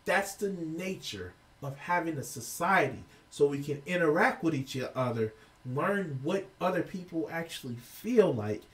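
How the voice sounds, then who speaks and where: A man's voice: a little high, lively intonation, a little slow, fairly bright tone, distant mic. A man giving heated, profane reaction commentary as a video reviewer, exasperated and ranting.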